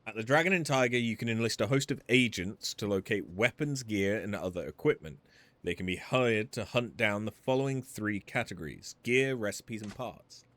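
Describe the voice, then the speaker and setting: A calm, courteous master weapon smith speaking in formal, measured phrases, read aloud by a man. The voice stays composed, with a lively rise and fall. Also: fairly low pitch. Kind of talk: reading game dialogue aloud.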